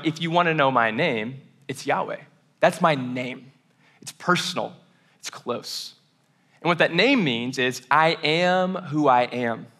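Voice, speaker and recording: Casting: young male pastor, bright, slightly high voice, laid-back chatty sermon delivery. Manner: casual, conversational preaching with frequent "right?" and "like"; acts out voices of biblical figures in quoted asides.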